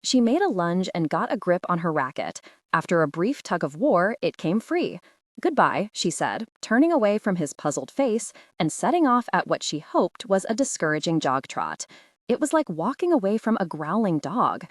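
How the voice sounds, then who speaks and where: A woman narrating a literary short story audiobook in a measured, expressive storytelling manner. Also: on the low side, no room sound, studio quality.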